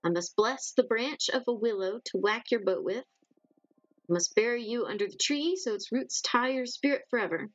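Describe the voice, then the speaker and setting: Woman reading as a gentle sea witch. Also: fairly high pitch, normal speed, no room sound, faint music behind, close to an everyday voice. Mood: soothing. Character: gentle female sea witch, calm and caring. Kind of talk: reading game dialogue aloud.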